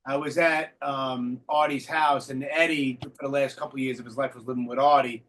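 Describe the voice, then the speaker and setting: A man hosting a casual interview, chatty and quick to jump in. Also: mid-range voice, steady tone, a bit bright, slight background noise. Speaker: podcast host.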